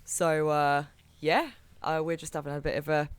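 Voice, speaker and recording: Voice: medium pitch, level tone, moderate pace, clean tone. A tabletop game player, chatty and jokey. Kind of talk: casual tabletop play.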